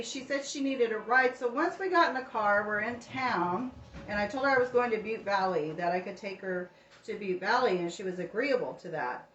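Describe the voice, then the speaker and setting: A middle-aged woman hosting a home cooking channel, telling a story casually and acting out the dialogue. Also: on the high side. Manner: chatty, animated retelling with quoted dialogue. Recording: roomy, distant, dull home recording.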